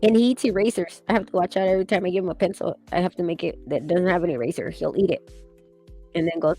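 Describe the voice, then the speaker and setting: A woman's voice: fairly low pitch, fast talker, dark tone, soft background music, low-quality recording. A young woman streaming while she sketches, chatting casually, rambling and laughing, swearing now and then.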